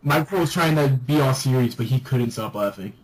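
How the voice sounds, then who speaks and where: A man's voice: mid-range voice, brisk, breathy edge, low-quality recording. A man hosting a casual wrestling review podcast, calling on each panelist in turn. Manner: leads the round, asks each panelist in turn. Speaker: podcast host.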